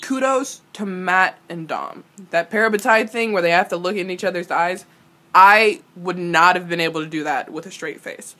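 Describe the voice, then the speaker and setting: A woman's voice: on the low side, normal speed, sharp tone. A young woman giving casual reaction commentary on a TV episode, ranting animatedly and swearing freely. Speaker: reaction video host.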